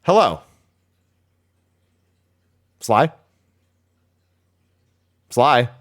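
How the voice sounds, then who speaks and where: A man hosting a casual podcast over an online call, talking in quick, exasperated banter about tech trouble. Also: mid-range voice, sing-song, fairly bright tone. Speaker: podcast host. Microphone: desk microphone on a call.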